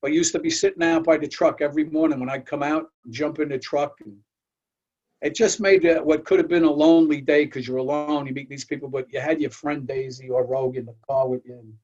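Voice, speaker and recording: A man's voice: on the high side, fairly even intonation, a little fast, darkish tone. An older man hosting a talk, telling folksy anecdotes and often repeating words as he goes. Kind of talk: storytelling chat. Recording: dull lo-fi audio.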